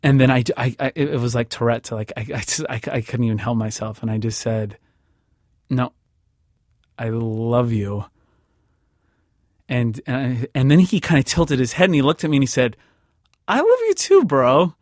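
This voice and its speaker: A man tells a personal story on a dry, close recording, with no room sound at all. He trips over his words and repeats himself as he acts out the voices of the people in it. His pitch sits in the middle of the male range. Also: steady tone, moderate pace, long pauses, a little mellow, no room sound. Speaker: interviewee telling a personal story. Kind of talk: emotional first-person storytelling.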